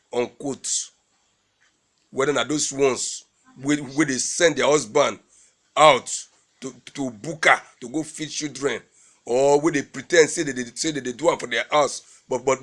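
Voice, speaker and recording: An exasperated husband , played by a man, mocks his wife in Warri Pidgin, repeating his jabs with slow, stretched-out emphasis. His voice sits a little higher than most men's. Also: fairly bright tone, close to an everyday voice. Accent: Warri Nigerian Pidgin. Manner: mocking, repeating phrases with drawn-out emphasis. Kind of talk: comedy skit acting.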